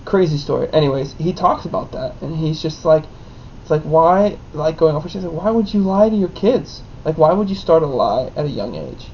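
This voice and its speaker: A young married man, the son of his co-host, telling a story in an animated way with lots of "like". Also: on the high side, a little fast. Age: young adult. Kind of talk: casual storytelling. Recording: dull lo-fi with faint noise.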